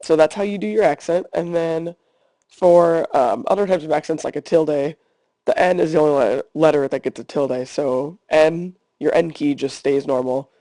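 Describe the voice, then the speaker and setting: A man who teaches Spanish, calmly talking his class through a screencast tutorial step by step. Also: fairly high pitch, normal speed, dry recording. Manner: calm step-by-step instruction.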